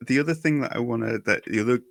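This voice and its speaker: A man's voice: medium pitch, rapid-fire, creaky, no echo, studio quality. A man interviewing an author over a video call, enthusiastic and gushing in his praise, with frequent short affirmations. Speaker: interviewer for a fan book channel. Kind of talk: casual interview chat.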